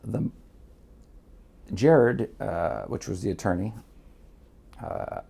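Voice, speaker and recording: Middle-aged man from Miami, dark husky voice, blunt profane storyteller. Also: on the low side, expressive, takes it slowly. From Miami, United States. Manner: blunt, swears freely, acts out quotes. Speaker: guest.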